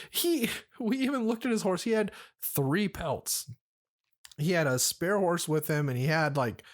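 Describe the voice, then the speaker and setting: A man hosting a podcast, telling a story in a rambling, profane, laid-back way while drinking. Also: high voice. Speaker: podcast host. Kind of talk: casual storytelling chat.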